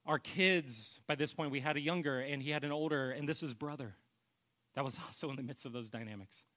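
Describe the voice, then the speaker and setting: A male pastor preaching a sermon with earnest personal storytelling, often trailing off into a soft, low voice. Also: fairly quick.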